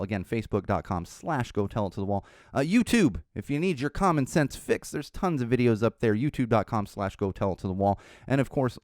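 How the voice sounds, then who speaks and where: A man's voice: medium pitch, no room sound, studio quality. A man hosting a podcast, ranting bluntly about politics with lots of swearing, then signing off the episode. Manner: impassioned, blunt, swears freely. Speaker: podcast host. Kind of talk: political podcast rant and sign-off.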